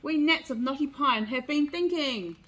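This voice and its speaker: A woman playing a tiny shouting gnat leader. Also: medium pitch, animated, brisk, lightly acted, low-quality recording. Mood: earnest. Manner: shouting, earnest. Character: small loud gnat leader.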